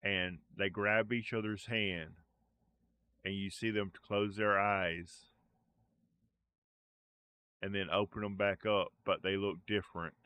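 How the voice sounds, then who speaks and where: A man's voice: on the low side, fairly even intonation, takes it slowly, pauses often, pushed and bright, clear, resonant tone, no echo. A man narrating a tabletop role-play game as game master, in a loose conversational way with fillers.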